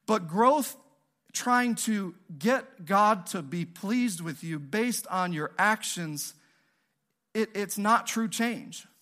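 Male pastor, high voice, animated sermon, conversational, quick asides. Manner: animated, jokey, conversational, asks the audience questions.

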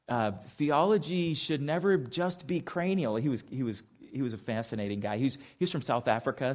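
A man's voice: mid-range voice, darkish tone. A man preaching a conversational sermon as pastor to a church congregation, casual and emphatic, quizzing the audience.

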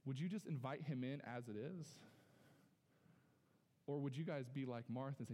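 Pastor preaching in a reverberant church hall. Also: male voice, medium pitch, normal speed, long pauses. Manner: lively, conversational preaching with frequent repetitions and audience address. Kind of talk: sermon. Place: church sanctuary.

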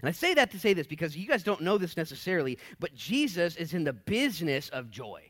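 A male pastor preaching a sermon in an excitable, animated way, with joking asides and a soft, hushed tone when he prays. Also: on the high side, fast.

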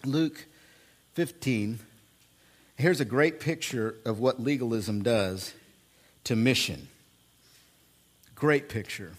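A male pastor preaching a sermon, emphatic and repetitive, swinging from quiet asides to loud bursts. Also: medium pitch, takes it slowly, pauses often. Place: church.

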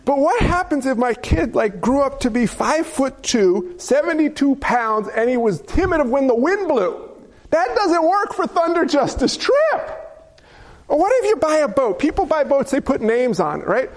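A man with a notably high voice delivering a sermon. He preaches with a playful streak, tossing in jokey asides and rhetorical questions to the congregation. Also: very animated, moderate pace, hardly any pauses. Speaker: pastor.

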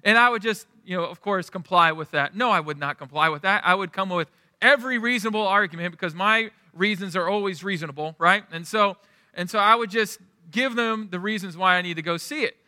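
A man's voice: high voice, fairly quick, sharp tone, studio quality. A middle-aged man preaching a sermon as pastor in a church, in a conversational way that keeps checking in with the congregation. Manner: conversational, asks the room "right?". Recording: long hall reverb.

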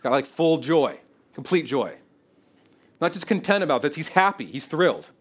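A man preaching an expository sermon in an animated, conversational way, often checking in with the congregation. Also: on the high side, moderate pace, breathy edge. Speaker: pastor.

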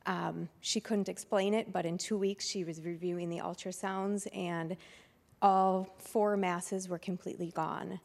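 Low-voiced woman in an echoey hall. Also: steady tone, a little slow, vocal fry. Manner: unscripted, with hesitations. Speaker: church member sharing a testimony. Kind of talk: personal testimony to a congregation.

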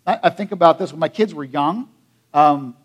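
A middle-aged pastor with a notably high voice delivers a sermon. He talks conversationally, tossing in asides and rhetorical questions as he goes. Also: moderate pace.

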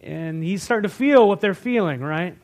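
A male pastor delivering a sermon with a fairly high-pitched voice. He tells stories in a loose, conversational way, full of restarts, dropping to near-whispers and then rising to loud, emotional bursts. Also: expressive, normal speed. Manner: conversational storytelling with many restarts, swinging from hushed to loud.

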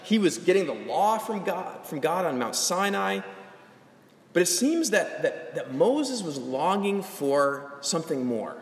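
A young adult man preaching a sermon as a pastor, animated and rising to emphatic calls. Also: fairly high pitch. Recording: echoey hall.

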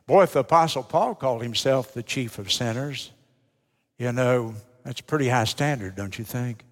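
Older Baptist preacher in a reverberant church. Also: male voice, medium pitch, normal speed. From United States. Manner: emphatic, folksy, rhetorical questions. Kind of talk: sermon. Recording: long hall reverb.

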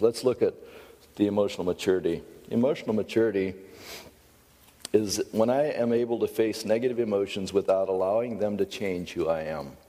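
Deep-voiced man preaching in an echoey hall. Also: warm tone. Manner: folksy, conversational preaching with storytelling asides. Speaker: pastor. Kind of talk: sermon.

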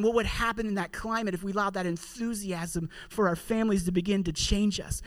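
High-voiced man preaching an earnest sermon. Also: steady tone, a bit bright. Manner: earnest, conversational preaching with slowed, drawn-out scripture reading. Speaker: pastor.

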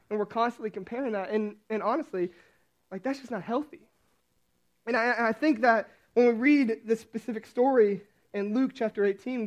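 A young man giving a casual sermon, telling a personal story in a chatty, self-deprecating way with many restarts. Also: sits high. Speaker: youth pastor. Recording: dull lo-fi recording.

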